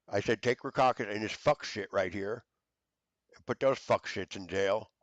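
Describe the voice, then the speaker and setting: Angry swearing man, low voice. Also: moderate pace, dry recording, lo-fi sound. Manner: shouting accusations, stammering fillers, heavy cursing. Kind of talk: angry profane rant to camera.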